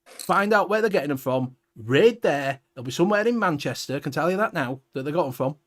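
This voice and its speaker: A man's voice: on the high side, lively intonation, brisk. A Welsh man hosting a casual livestream chat, ranting bluntly with heavy swearing. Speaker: show host.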